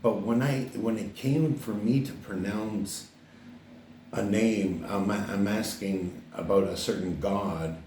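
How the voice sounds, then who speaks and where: This is an older man from Canada chatting about his book at an unhurried pace, circling back with frequent fillers and restarts. His voice sits somewhat low. The recording picks him up from a distance in a reverberant room. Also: fairly even intonation, a little mellow, a little hiss or hum. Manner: rambling, many fillers and restarts. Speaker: author presenting his book. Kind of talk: casual to-camera talk. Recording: roomy echo, distant mic.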